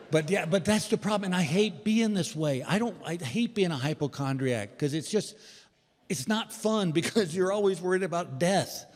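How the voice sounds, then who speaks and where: Older stand-up comic, lively storyteller, acts out voices, light background noise. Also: male voice, high voice. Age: 60s. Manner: animated storyteller acting out quoted voices. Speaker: stand-up comedian. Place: large indoor theater stage. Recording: live theater reverb with faint ambience.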